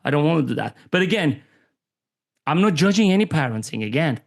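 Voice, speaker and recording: Animated man from Armenia telling stories. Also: on the high side, brisk, creaky. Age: 40s. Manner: animated storyteller who acts out quoted voices. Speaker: podcast guest. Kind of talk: candid conversational interview.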